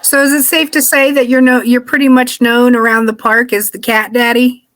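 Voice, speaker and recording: A woman's voice: fairly high pitch, little pitch movement, normal speed, fairly bright tone. A woman actress interviewing her coach, talking hesitantly with many ums, on a video call. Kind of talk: casual interview chat.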